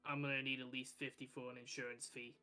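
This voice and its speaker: A man voicing a dry, sarcastic woman innkeeper in a tabletop game, speaking in a deadpan, teasing way. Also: mid-range voice, quick pace, clear, resonant tone, soft background music, lightly acted.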